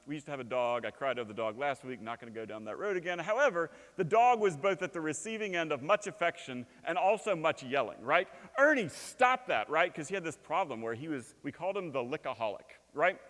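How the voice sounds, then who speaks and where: A man in his thirties preaching a sermon in a church, telling stories with lively swings from loud bursts to hushed lines. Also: a little high. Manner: animated storytelling, shouting quoted lines, dropping to quiet. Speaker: pastor. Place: church sanctuary. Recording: long hall reverb.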